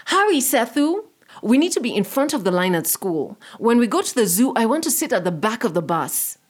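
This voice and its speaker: A woman voicing a hurried, anxious young schoolgirl who speaks urgently. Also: on the high side, big pitch swings, pitched above the performer's own voice. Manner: urgent, breathless.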